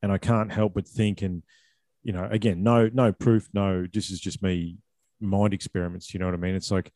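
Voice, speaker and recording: A man's voice: deep voice, mellow, no echo. An Australian man in his forties hosting a casual conversation, rambling and repeating words.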